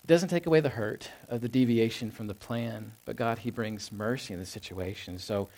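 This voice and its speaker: A man's voice: medium pitch, normal speed, vocal fry, darkish tone. A man in his thirties preaching a sermon in a church, talking in a personal, conversational way with plenty of fillers and restarts. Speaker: pastor. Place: church sanctuary.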